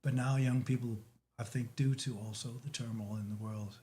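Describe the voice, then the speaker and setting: A man from Denmark with a Danish accent, talking as a guest in a casual chat, halting with many restarts and fillers. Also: medium pitch, fairly even intonation, mellow, slight background noise.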